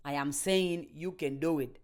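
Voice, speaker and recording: A woman delivering a motivational monologue, slow and deliberate, repeating and building her phrases with emphasis. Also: low voice, darkish tone. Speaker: motivational speaker.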